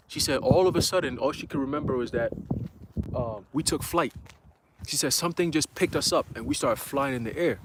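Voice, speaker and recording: Young man telling an excited testimony. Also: mid-range voice. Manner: casual slang, excited, quotes others in dialogue. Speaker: speaker giving a testimony. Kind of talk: animated storytelling testimony. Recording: noisy recording with clicks.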